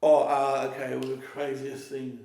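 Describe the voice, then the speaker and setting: A man's voice: medium pitch, completely flat delivery, moderate pace, dark tone, reverberant. A young man in a casual street interview, telling stories in a rambling way, swearing freely and often restarting his sentences.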